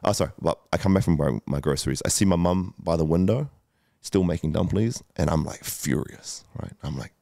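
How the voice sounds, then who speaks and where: Podcast guest: very low, gravelly man, candid and emotional, swears freely, dry sound. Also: brisk, hardly any pauses, mellow, dry recording. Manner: emotional, swears often, many fillers. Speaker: guest entrepreneur. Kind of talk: candid storytelling chat.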